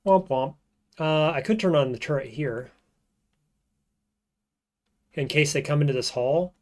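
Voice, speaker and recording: A man streaming a roguelike, thinking aloud in casual gameplay commentary and often trailing off into quiet mutters. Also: a little high, unhurried.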